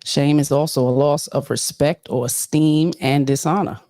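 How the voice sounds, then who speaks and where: A woman's voice: low-pitched, normal speed, no echo. A woman hosting a casual livestream, preachy and emphatic, who repeats her points. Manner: animated, preachy, emphatic repetition. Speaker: livestream host.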